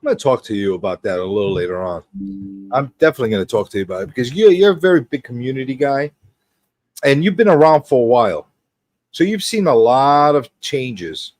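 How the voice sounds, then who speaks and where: A man hosts a casual livestream, rambling and teasing as he greets viewers. His pitch swings widely from line to line. The sound is dry and close, with no room around it. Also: animated, brisk, darkish tone, no room sound. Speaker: host.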